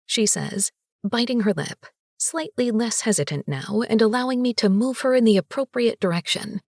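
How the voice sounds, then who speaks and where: Brief: sassy woman audiobook narrator, higher voice, expressive, dry close mic. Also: normal speed, dry recording. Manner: lively, sassy, expressive reading. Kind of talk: first-person audiobook narration.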